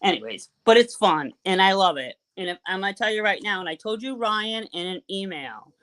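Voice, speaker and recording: A woman with a Boston accent talks in an excitable, chatty way. Her pitch sits in an ordinary middle range. Her speech is loose and casual, with swearing thrown in. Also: a little fast. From Boston, USA. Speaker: caller guest. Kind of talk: casual live chat.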